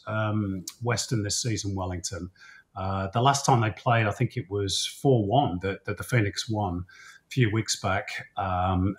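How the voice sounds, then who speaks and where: A man speaking as a football commentator guest, giving relaxed, chatty analysis with many fillers. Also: on the low side. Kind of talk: casual interview chat.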